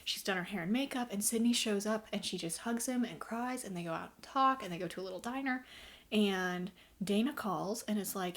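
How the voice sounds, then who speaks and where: A woman's voice: mid-range voice, normal speed. A woman reviewing a book in a casual vlog, retelling the plot in a sarcastic, incredulous way with plenty of fillers.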